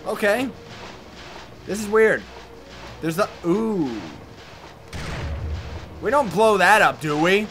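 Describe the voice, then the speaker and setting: A man doing let's play commentary, loud and excitable, often yelling at enemies. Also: high-pitched, slow pace, pauses often, faint music behind.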